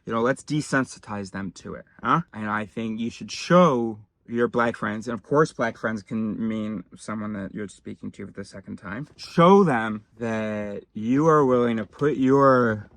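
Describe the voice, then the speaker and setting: A man giving a sardonic, rambling satirical monologue at his screen, switching suddenly between low mutters and louder bursts. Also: a little slow, hardly any pauses, no echo. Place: home desk, recording his screen.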